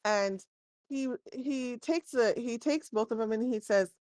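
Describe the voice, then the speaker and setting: A woman's voice: a little high, normal speed, darkish tone, no echo, studio quality. A woman narrating as game master in a tabletop game, chatty and digressive, often correcting herself.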